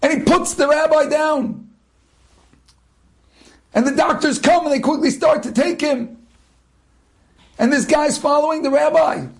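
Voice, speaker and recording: A man with a high voice delivers a storytelling sermon. He speaks slowly and builds suspense with long dramatic pauses. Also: gravelly.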